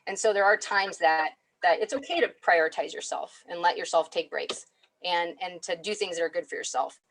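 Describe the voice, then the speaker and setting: A woman's voice: fairly low pitch, brisk. A woman giving a chatty webinar talk as a clinical psychologist, often asking "right?". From United States. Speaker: clinical psychologist guest speaker.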